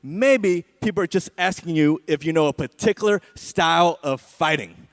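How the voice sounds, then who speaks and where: A man's voice: on the high side, normal speed. A man doing a stand-up comedy set at an awards show, with a sarcastic, punchy delivery and frequent "right?" asides.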